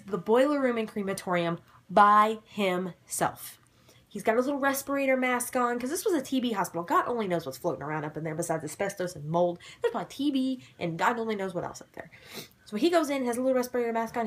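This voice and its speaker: A young woman casually recapping a TV episode to camera, animated and excitable, dropping into sudden dramatic whispers. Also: a little high. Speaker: vlogger recapping a ghost-hunting show.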